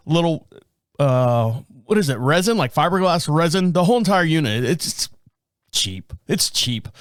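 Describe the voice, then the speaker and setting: A man's voice: a little high, dry recording. Joking, rambling man on a dry mic. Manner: joking, rambling, self-deprecating. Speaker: podcast host. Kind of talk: casual storytelling monologue.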